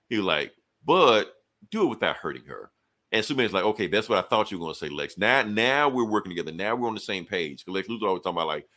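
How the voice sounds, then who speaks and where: A young man co-hosts a podcast and breezes through a comic plot, dropping into quick quoted dialogue for each character. His voice sits a little low but sounds bright and forceful. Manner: animated storytelling, casual profanity, quick quoted dialogue. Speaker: podcast co-host reviewing comics. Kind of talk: casual chat, retelling a comic plot.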